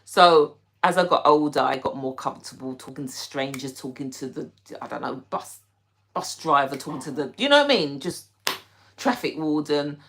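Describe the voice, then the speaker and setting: A young British livestream host reads her chat aloud, giggling and casually answering viewers by name. She has a low-pitched voice with lively intonation and speaks at a normal speed, with slight background noise.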